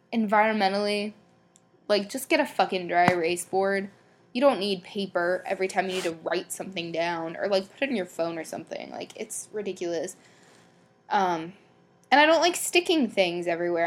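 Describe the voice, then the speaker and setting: A young woman hosting a podcast, chatting casually and bluntly with lots of swearing, ums and likes. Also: medium pitch. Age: young adult. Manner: blunt, swears a lot, rambling; filler-heavy, many ums and likes. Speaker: podcast host. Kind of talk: casual solo podcast chat.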